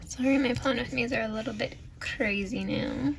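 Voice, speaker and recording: A woman's voice: on the high side, normal speed, vocal fry, a little hiss or hum. A woman chatting casually as she narrates a plan-with-me video and talks to her baby now and then. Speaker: planner vlogger.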